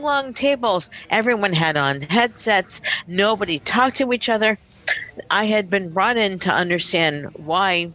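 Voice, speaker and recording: Blunt, lively-voiced woman telling stories. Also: lowish voice, rough recording. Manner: blunt, direct storytelling. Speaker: guest author. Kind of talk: casual podcast chat. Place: virtual coffee shop call.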